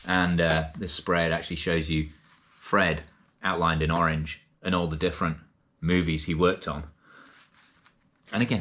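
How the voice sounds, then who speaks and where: A man, chatting in a casual vlog and reading out passages from a book, with lots of fillers and lively asides. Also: extremely low pitch, slight background noise. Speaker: vlogger and co-author reading from a book.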